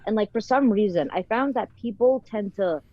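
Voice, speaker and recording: A woman's voice: mid-range voice, expressive, normal speed, no room sound, highs cut off. A woman guest on a podcast, a content creator chatting candidly and casually, cursing now and then. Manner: candid, casual, swears freely. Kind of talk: casual chat.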